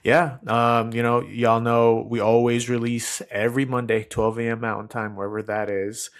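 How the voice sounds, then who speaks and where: A man's voice: mid-range voice, level tone, normal speed, clear, resonant tone. A man co-hosting a marketing podcast, talking in an easygoing, informal way. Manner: easygoing, laid-back, informal. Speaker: podcast co-host. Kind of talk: casual podcast chat.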